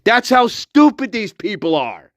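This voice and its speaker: A man giving a ranting commentary, shouting, swearing and mocking his critics. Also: high-pitched, big pitch swings, a little slow. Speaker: online commentator.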